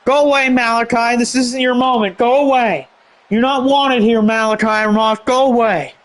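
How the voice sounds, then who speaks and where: A man's voice: very high voice, steady tone, moderate pace, fairly bright tone. A man voicing an angry male wrestling executive in a suit, scolding someone in a put-on Italian accent. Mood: shooing. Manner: scolding, dismissive.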